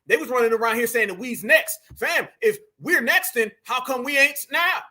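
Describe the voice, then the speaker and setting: A man's voice: very high voice, lively intonation, moderate pace, bright, forceful tone. A man, hosting casual reaction commentary, emphatic and profane, calling his viewers fam. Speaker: commentary channel host.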